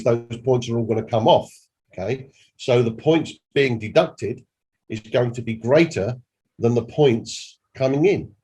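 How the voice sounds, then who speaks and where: A man's voice: medium pitch, a little mellow, slightly rough. A man, a company director, giving an emphatic, repetitive training presentation and demonstrating on screen.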